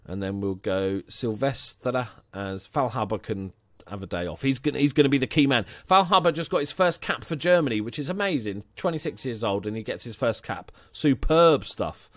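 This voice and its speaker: A man's voice: medium pitch, no room sound. A young man commenting casually on his football management game, chatty and jokey, inventing nicknames for his players. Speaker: gaming channel host. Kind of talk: casual let's-play commentary.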